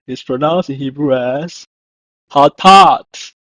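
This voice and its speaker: A man teaching a language lesson, speaking slowly and deliberately and repeating each word to show how it is pronounced. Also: mid-range voice, darkish tone, dry recording. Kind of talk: slow instructional narration. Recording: dull lo-fi dry voice-over.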